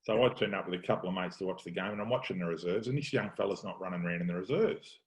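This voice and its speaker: A middle-aged man with an Australian accent spins coaching yarns in a relaxed, chatty way. He slips into the voices of the people he quotes and keeps the talk rolling as host. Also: sits low, very fast, poor audio. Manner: yarn-spinning, acts out quoted lines. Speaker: podcast host, football coach. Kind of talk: casual storytelling chat.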